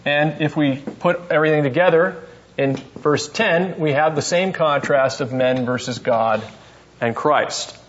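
A man's voice: fairly high pitch, measured pace, slight background noise. A male seminary professor leading a classroom Bible lesson, putting questions to students by name and thinking aloud as he goes. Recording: dull lo-fi classroom recording.

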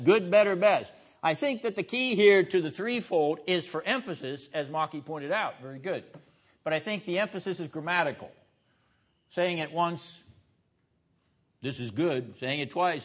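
Emphatic male lecturer in a classroom. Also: fairly high pitch. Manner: emphatic, with rhetorical questions; quizzes students by name. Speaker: seminary lecturer. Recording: dull lo-fi classroom recording.

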